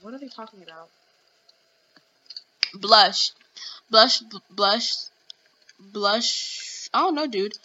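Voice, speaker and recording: A woman's voice: on the high side, sharp tone, dull audio. A young woman hosting a casual podcast, ranting with exasperation and reading out chat messages. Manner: indignant, exasperated, reads chat messages aloud. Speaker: podcast host.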